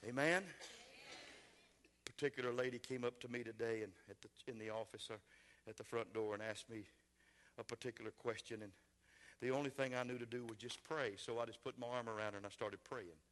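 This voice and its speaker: A pastor preaching a sermon in a church, swinging from shouted, impassioned lines to quiet, tender ones. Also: male voice, medium pitch, flat delivery, fast talker. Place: church sanctuary.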